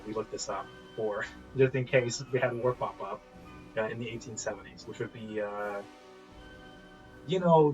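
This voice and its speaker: Laid-back male game master. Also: medium pitch. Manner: relaxed and rambling, with frequent laughs and fillers. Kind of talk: narrating a solo tabletop game. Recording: dull lo-fi recording with faint music.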